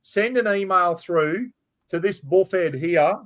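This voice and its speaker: A man's voice: high-pitched, slow pace, a bit bright. A middle-aged man with an Australian accent hosts a casual live-stream chat, talking bluntly and chattily, swearing freely and calling people mate. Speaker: livestream host.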